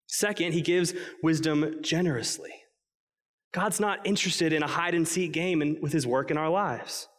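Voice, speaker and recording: A man preaching a sermon, earnest and emphatic, slowing down to stress key points. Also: on the high side. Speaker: pastor. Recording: long reverb of a large hall.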